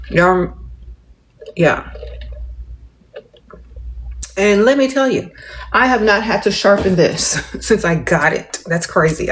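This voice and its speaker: A middle-aged woman hosting a casual livestream and chatting with viewers. She speaks with very little mouth movement, in a restrained, measured and playful drawl, and calls viewers "darling" and "y'all.". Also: medium pitch. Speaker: livestream host. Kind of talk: casual livestream chat answering comments.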